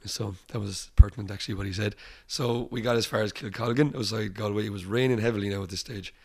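The voice is low-ish, creaky, and husky, and it moves fast. It belongs to an Irish musician in an interview who tells casual stories, playacts the people he quotes, and laughs frequently.

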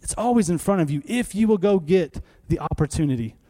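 A man in his thirties delivers a sermon, talking to the congregation as if chatting with them and firing off rhetorical questions. His voice sits a little high, yet its tone is mellow and warm. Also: fairly quick. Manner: animated, conversational preaching with rhetorical questions. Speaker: pastor.

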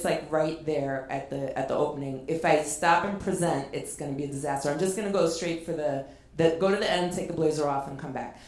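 A woman hosting a live comedy show, telling a self-mocking story with lots of filler words on stage. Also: low-pitched. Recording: echoey live venue.

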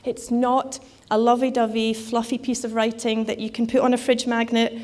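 Chatty woman preaching, slightly high voice. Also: flat delivery, normal speed, darkish tone. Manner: conversational, with frequent fillers and restarts. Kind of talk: sermon.

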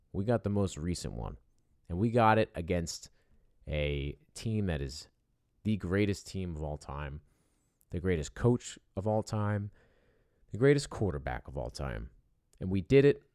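A man in a casual, profane, animated monologue as a sports fan, swearing and rambling. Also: low-pitched, dry recording, studio quality.

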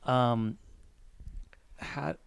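A man's voice: mid-range voice, drawn-out words, creaky, clear, resonant tone. A man chatting casually as a podcast guest, hesitant and self-conscious, often stopping to rephrase his questions. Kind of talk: casual chat.

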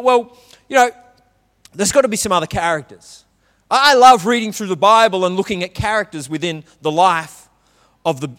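A man's voice: sits high, a bit bright, big-room sound. A man preaching a conversational sermon and asking the congregation questions. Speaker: pastor.

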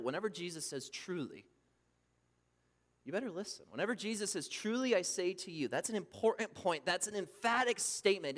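A man preaching a sermon, emphatic, swinging between loud bursts and hushed asides. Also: sits high. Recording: long reverb from a hall.

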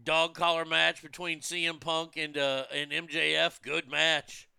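A man's voice: on the high side, level tone, measured pace, vocal fry, pushed and bright, clean tone, no echo. A man rambling casually about food, movies and wrestling, blunt and profane, with many restarts. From United States.

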